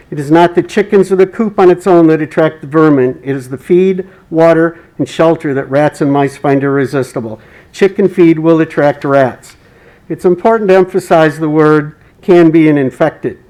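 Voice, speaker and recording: A man giving public comment at a city meeting, reading quoted passages in a measured, formal way. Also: on the high side, a little mellow, low-quality recording. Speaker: resident speaking at public comment.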